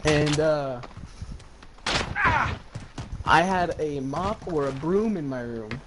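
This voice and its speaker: A man's voice: a little high, animated, slow. A young man casually telling funny stories to friends, laughing through them as he goes. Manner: laughs through his own stories, loose and rambling. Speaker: podcast co-host. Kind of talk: casual storytelling among friends. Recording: loud background noise.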